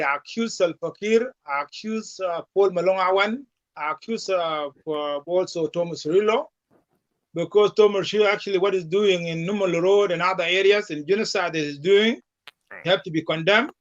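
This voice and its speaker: A man's voice: high voice, moderate pace, a bit bright, muffled recording. A man from Sudan, a presidential candidate speaking as a guest in a remote interview, in an emphatic, repetitive rallying way. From South Sudan. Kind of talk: remote talk-show interview.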